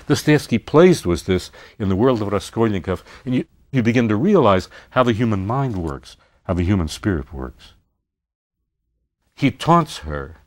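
A man giving a university literature lecture, speaking expressively and posing rhetorical questions. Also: fairly low pitch.

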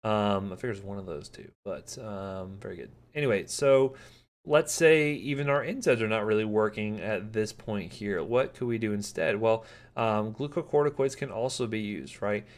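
A man giving a live pharmacology lecture in a conversational way, with frequent ums and pauses to answer student questions. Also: fairly low pitch.

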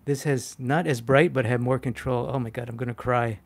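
Man, art instructor on a live stream; chatty, animated, self-mocking, filler-heavy. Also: mid-range voice, brisk, vocal fry. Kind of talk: live-stream drawing demo, answering chat.

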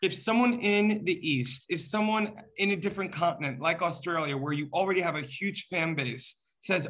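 A man with a somewhat high, bright voice hosts an interview on a video call. He is effusive, piles praise on his guest and talks up the project with eager energy. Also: moderate pace, hardly any pauses. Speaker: interview host. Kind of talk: enthusiastic interview hosting.

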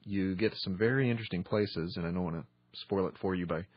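A man teaching meditation on a podcast in a measured way, pausing often with ums. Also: sits low, slightly rough, no room sound, dull audio. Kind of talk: instructional podcast talk.

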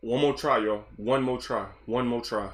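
A man's voice: mid-range voice, steady tone, normal speed. A young man giving panicky, jumpy commentary as he plays a horror game. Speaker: gamer. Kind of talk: horror let's-play commentary.

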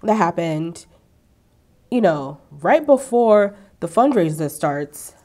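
A young woman with a slightly low-pitched voice talks through a TV episode in a loose, chatty way. She throws in sassy asides and acts out quotes with relish. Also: lively intonation, takes it slowly, mellow. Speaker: TV recap vlogger. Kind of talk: casual chatty recap. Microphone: ring-lit camera setup at home.

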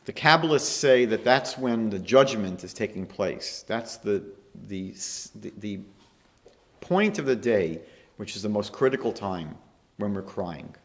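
A man's voice: fairly low pitch, lively intonation, measured pace. A man, a rabbi, giving a storytelling lecture on a holy day that rises to emphatic peaks. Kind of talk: lecture sermon.

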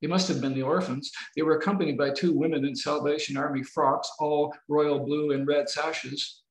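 A novelist reading his novel aloud in a measured, expressive way over a video call. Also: fairly high pitch. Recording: roomy video-call audio.

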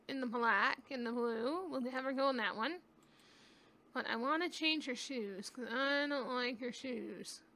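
A woman talks through a game in a casual, rambling way, thinking aloud as she goes. Her voice sits high and sounds bright and clear. She takes her time, speaking at an unhurried pace into a webcam mic at home. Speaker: gaming YouTuber. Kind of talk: casual gameplay commentary.

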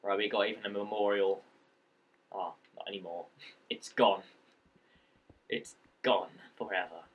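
Man, fairly low voice, casual gameplay commentary, rambling, jokey, talks to the game's creatures. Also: fairly even intonation, unhurried, slightly rough, muffled recording. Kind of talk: casual let's-play commentary.

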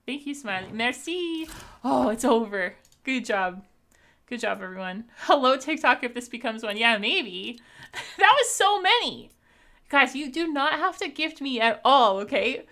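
A young Canadian woman chats with her live-stream viewers while gaming, very animated, bubbly, and laughing often. Her slightly high voice rings very bright, and she thanks viewers casually from what sounds like a home streaming setup.

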